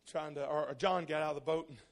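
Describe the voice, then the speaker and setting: A man preaching a sermon, telling a story and building into loud, impassioned preaching. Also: fairly high pitch, steady tone, quick pace.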